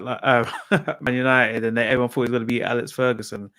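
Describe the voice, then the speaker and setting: A man's voice: medium pitch, level tone, fast, fairly bright tone. A man hosting a casual football chat, chatty and laughing as he reads out viewers' predictions. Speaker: football podcast host.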